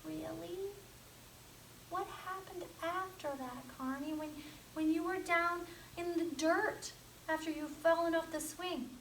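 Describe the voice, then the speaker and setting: A woman school counselor gently coaxing a puppet to talk in a lesson for children, recorded from a distant mic in an echoey room. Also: extremely high pitch, steady tone, a little slow, a little hiss or hum.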